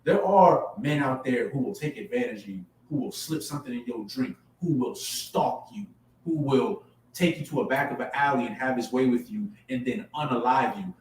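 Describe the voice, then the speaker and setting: A man preaching a sermon in a plain, emphatic style, repeating phrases and building to forceful peaks. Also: mid-range voice, moderate pace. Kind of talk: street-style sermon to a camera audience. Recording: echoey room, mic at a distance, faint background hum.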